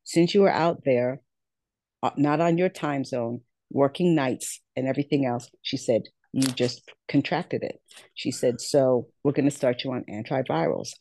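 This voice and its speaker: A middle-aged woman recounts her own story as a podcast guest. She is earnest, repeats herself for emphasis, and slips into the voices of the people she quotes. Her tone is warm and mellow, and the recording is close and dry with no room sound. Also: very deep voice, no echo. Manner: earnest, repeats words, acts out quoted dialogue. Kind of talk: personal storytelling in an interview.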